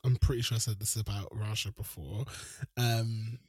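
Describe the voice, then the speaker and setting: A man's voice: fairly low pitch, steady tone, normal speed, darkish tone, slightly rough, no room sound, studio quality. A man co-hosting a podcast in casual chat, rambling and laughing often. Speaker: podcast co-host.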